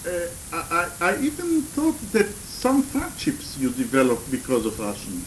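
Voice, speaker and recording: A man interviewing, asking halting questions with frequent stammers and restarts. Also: fairly high pitch, wildly swooping pitch, a little hiss or hum, poor audio. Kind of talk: recorded conversational interview.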